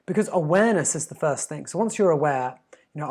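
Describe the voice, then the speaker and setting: A man's voice: a little high, animated, quick pace, a little mellow. Emphatic man giving life advice. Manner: earnest, emphatic, with stammered restarts. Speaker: life coach. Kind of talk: motivational monologue.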